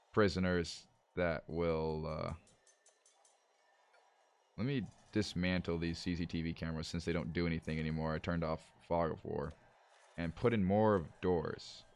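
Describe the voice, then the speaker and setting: Lower-voiced man streaming gameplay, dry sound. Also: smooth, no room sound. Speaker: livestreamer playing a management game. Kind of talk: casual live gameplay commentary.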